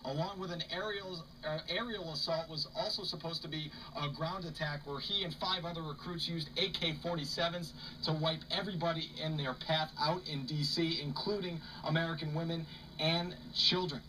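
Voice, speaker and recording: A man reporting the news in a measured, formal way, played back as a clip. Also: on the high side, steady tone, pushed and bright, distant mic, slight background noise, low-quality recording.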